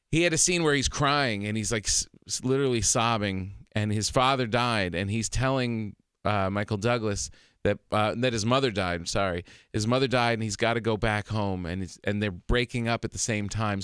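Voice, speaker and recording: A man guest on a radio show, chatting casually and telling animated stories, laughing often, in a studio. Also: on the low side, clean tone, dry recording. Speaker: comedian guest. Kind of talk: casual interview chat.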